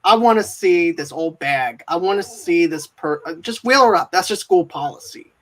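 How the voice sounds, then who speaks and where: A man's voice: a little high, animated, moderate pace. A man voicing a ruthless, scornful school principal in a blustering, demanding way.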